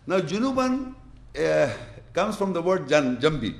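A man's voice: sits high, animated, normal speed, creaky. A man giving a religious lesson, explaining and demonstrating step by step with emphatic, repeated instructions. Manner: emphatic, repetitive, demonstrates with gestures. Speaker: Islamic teacher.

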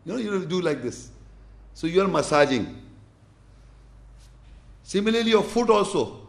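Male religious teacher with a high, gravelly voice, emphatic and repetitive as he demonstrates. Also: big pitch swings, moderate pace. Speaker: Islamic teacher. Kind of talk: explanatory religious lesson with demonstration.

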